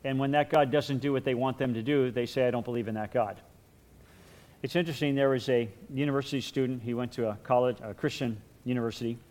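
A man's voice: mid-range voice, darkish tone. A man teaching a Bible class in a conversational lecture, with repeated words and light chuckles.

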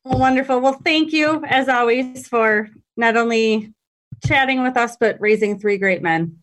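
A woman's voice: on the high side, measured pace. Friendly woman podcast host. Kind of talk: interview and show outro.

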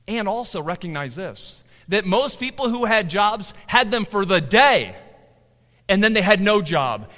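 A middle-aged man preaching a sermon as pastor, shifting between loud emphasis and hushed, intimate asides. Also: on the high side. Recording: long hall reverb.

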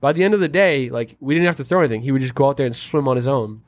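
A man's voice: mid-range voice, rapid-fire. A man chatting casually on a podcast, telling stories in a laid-back, slangy way. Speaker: podcast guest or co-host. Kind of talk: casual chat.

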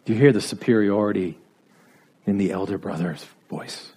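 A man's voice: fairly low pitch, normal speed, a little mellow, slightly rough. A man preaching a sermon, driving his points home with repeated rhetorical questions and building to emphatic peaks.

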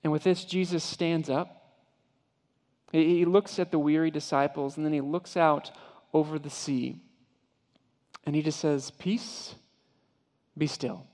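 A male pastor giving a sermon, vividly retelling a story in the second person and often dropping to a hushed voice. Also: on the high side, flat delivery, a little slow, pauses often. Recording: long hall reverb.

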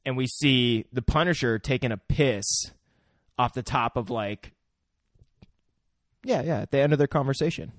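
A man's voice: medium pitch, normal speed, long pauses, dry recording. Laid back podcast guy tossing in jokes, dry close mic. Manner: relaxed, joking, chiming in. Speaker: podcast co-host. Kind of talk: casual movie recap chat.

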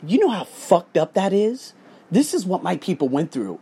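Animated, heated man ranting to viewers. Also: moderate pace, creaky, husky. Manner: heated, profane, swinging between loud outbursts and low muttered asides. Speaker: English teacher and podcaster. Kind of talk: casual ranting monologue to viewers.

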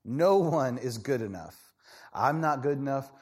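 Animated, chatty preacher, a man. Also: medium pitch, measured pace, slightly rough. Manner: conversational, animated, keeps asking "right?"; acts out people in quoted voices. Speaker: pastor. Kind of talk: sermon.

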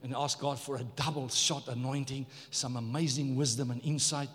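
A man's voice: mid-range voice, fairly even intonation, normal speed, fairly bright tone, in a large hall. A man preaching a sermon as pastor, emphatic, repeating words and calling on the congregation to respond. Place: church.

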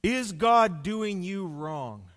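A man preaching a sermon as pastor, deliberate and building long runs of rhetorical questions. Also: sits high, expressive, a bit bright, long reverb tail.

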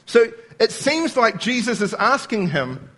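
High-pitched guy preaching in a church, explaining scripture line by line. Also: very animated, unhurried, sharp tone. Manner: explains scripture word by word, quoting lines and laughing at his own slips. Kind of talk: sermon.

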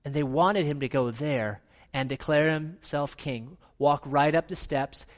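A man preaching a playful, animated sermon in a church, drawing the congregation into a hands-on retelling. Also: a little high, a little slow. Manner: animated, playful, with audience participation. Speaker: pastor.

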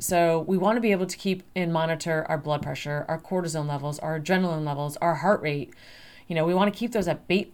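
A middle-aged woman hosting a podcast on health, talking casually and acting out panicked inner voices. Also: on the low side. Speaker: podcast host.

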